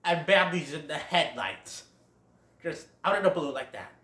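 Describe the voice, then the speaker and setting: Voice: medium pitch, sing-song, normal speed, a bit bright, reverberant, slight background noise. A film reviewer retelling a plot in a casual, chatty way, laughing along. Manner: chatty, laughs at own jokes.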